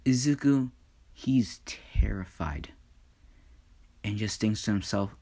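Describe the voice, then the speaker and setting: Slow, hushed male storyteller. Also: medium pitch. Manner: hesitant, dramatic, with pauses and hushed whispers. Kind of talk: improvised fan story narration.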